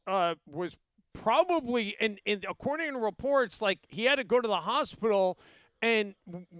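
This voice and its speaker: A man's voice: high voice, fairly bright tone, smooth, no echo. A man hosting a daily sports talk show, asking playful questions and retelling news stories in a rambling way.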